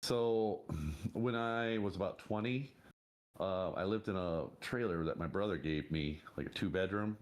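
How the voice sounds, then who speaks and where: Man, lowish voice, podcast co-host, casual rambling story, laughs a lot. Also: a little slow. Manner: rambling anecdotes with frequent laughs.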